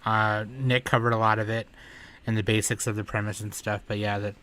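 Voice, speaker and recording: A man's voice: lowish voice, flat delivery, fairly quick, a bit bright. A young man co-hosting a podcast in casual chat, laid-back and using casual slang. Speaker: podcast co-host.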